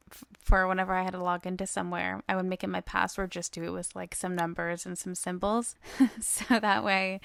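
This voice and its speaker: A young woman talks through her solo podcast in a chatty, upbeat way, peppered with fillers. Her voice carries a gravelly fry at the ends of phrases. The recording is dry and close. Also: medium pitch, no echo. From United States. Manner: chatty and upbeat, many fillers, laughs often. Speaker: podcast host.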